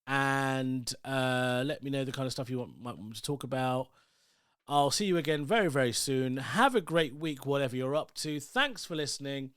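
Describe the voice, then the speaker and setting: A man's voice: medium pitch, moderate pace, fairly bright tone, clear, resonant tone, no echo, studio quality. A man, hosting his own podcast as a loose, rambling solo monologue full of asides. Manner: rambling, chatty, many asides and "like"s. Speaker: podcast host.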